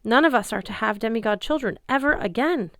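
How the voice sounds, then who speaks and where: A woman's voice: on the high side, expressive, a little fast, a bit bright, dry recording, studio quality, voice pushed up. A woman voicing an agitated male god of the dead who pleads urgently. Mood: pleading.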